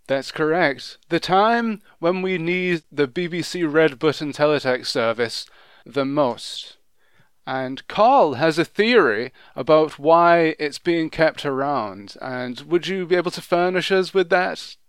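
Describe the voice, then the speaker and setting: A man's voice: fairly high pitch, expressive, takes it slowly, clean tone, dry recording. A man hosting a podcast, opening with upbeat, presenter-like introductions in casual chat. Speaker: podcast host.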